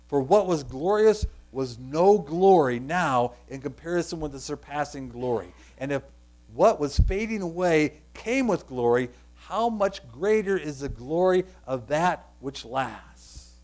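A man's voice: fairly high pitch, expressive, a little slow, rough recording. A man preaching a sermon, leaning hard on key words and stretching them out. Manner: emphatic, stretches key words, drops to quiet prayer. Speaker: pastor.

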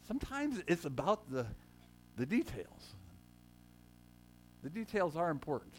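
A man's voice: fairly high pitch, very animated, unhurried, a little hiss or hum. A man preaching a sermon in a conversational way, joking with his congregation and rising to emphatic quotes. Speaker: pastor.

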